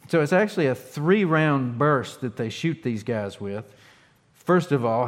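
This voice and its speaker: A man preaching in a plainspoken, folksy way, stopping to restart phrases and leaning hard on key words. His voice sits at an ordinary pitch and carries the long reverb of a church sanctuary. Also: normal speed. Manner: folksy, plainspoken, restarts often, animated emphasis. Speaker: pastor. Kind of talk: conversational sermon.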